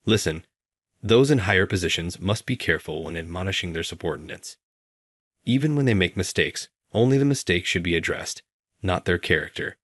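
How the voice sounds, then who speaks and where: A man's voice: deep voice, lively intonation, fairly quick, a bit bright, no room sound, clean studio sound. A man reading the lines of an older company president who speaks earnestly and apologizes as a father. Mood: stern.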